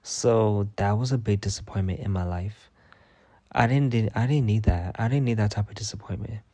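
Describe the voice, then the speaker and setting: A young man rants through stories straight to camera, cursing freely. He jumps into dramatic retellings with lots of expression. His voice is low and mellow, recorded dry and close. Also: moderate pace, dry recording. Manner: profane, dramatic, animated retelling. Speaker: vlogger. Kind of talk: casual storytelling rant.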